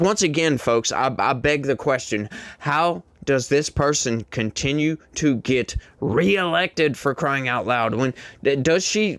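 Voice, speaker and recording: A man delivers a sarcastic, rambling commentary on politics, heavy on filler words. His voice sits at an ordinary middle pitch and is recorded dry and close, with no room sound. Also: gravelly, fairly bright tone, no echo. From rural United States. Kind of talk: casual commentary monologue.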